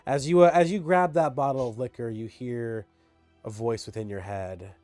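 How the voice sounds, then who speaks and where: A man's voice: medium pitch, normal speed, faint music behind. A man running a tabletop game as game master, narrating with many stammers and restarts. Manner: stammering, lively, repeats words.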